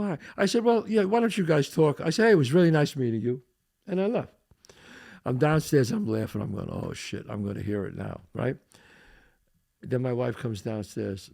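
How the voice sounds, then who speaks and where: Gravelly, animated older man telling a story. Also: fairly high pitch. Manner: animated storyteller, acts out quotes, laughs a lot. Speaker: podcast host. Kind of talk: casual storytelling chat.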